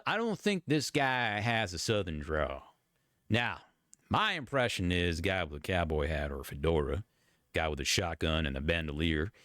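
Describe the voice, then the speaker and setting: A man giving casual reaction commentary as a YouTube commentator, chatty and animated. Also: fairly low pitch, no echo, clean studio sound. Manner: animated, chatty, breaking into laughs and voices.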